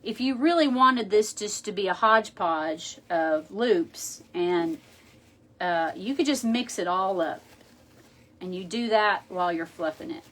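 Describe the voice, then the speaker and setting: A woman's voice: medium pitch, animated, unhurried. Chatty woman teaching crafts. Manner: chatty, thinking aloud while working. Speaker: craft tutorial host. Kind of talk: casual how-to demonstration.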